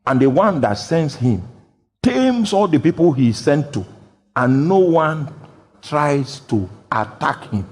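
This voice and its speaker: Preacher with booming, echoing sermon delivery. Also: male voice, sing-song, slow, breathy edge. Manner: bursts into loud shouted quotes, then drops low. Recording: long hall reverb.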